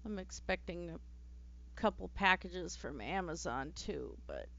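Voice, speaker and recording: A woman's voice: lowish voice, expressive, unhurried, vocal fry, fairly bright tone, dull audio. A woman streaming a let's play, chatting casually and giggling as she plays, often trailing off into fillers. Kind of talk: casual gameplay commentary.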